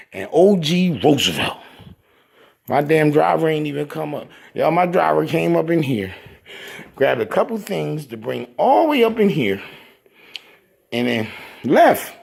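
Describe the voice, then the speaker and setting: A man with a gravelly, husky voice rambles through a casual monologue about his new place. His pitch swings widely as he boasts and trash-talks his old neighbors with a joking edge. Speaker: vlogger showing his new room.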